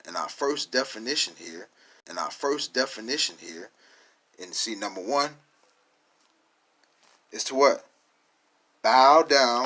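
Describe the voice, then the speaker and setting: Husky, emphatic male Bible teacher. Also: lowish voice. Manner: emphatic, loud stresses on key words, asks and answers own questions. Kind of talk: scripture teaching.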